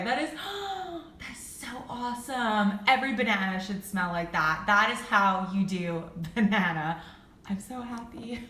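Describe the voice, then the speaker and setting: A young woman reviewing candles in a casual vlog, gushing and excitable, with lots of "like" fillers. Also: medium pitch, a little slow, echoey room. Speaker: beauty and candle vlogger.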